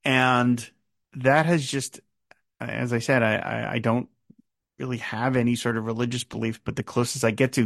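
Man, fifties, gravelly voice, podcast host, musing, lots of fillers and restarts, dry close sound. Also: mid-range voice, no echo. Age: 50s. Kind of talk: casual podcast talk about a song.

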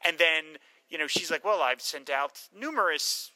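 A man talking films with a very bright, forceful tone, lively and quick to act out scenes in little quoted voices. The recording is dry and close, with no room sound. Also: a little high, no echo, rough recording. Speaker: film discussion co-host. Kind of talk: casual film discussion.

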